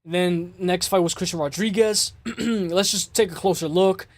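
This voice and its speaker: A man hosting a casual MMA show, breaking down fights in an excitable way, swearing and repeating himself. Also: sits high, measured pace, no room sound. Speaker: MMA podcast host.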